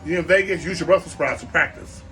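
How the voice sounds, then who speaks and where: A man's voice: a little high, fast, a bit bright, faint music behind. A man hosting a comic cooking show, rambling playfully with asides while he chops vegetables.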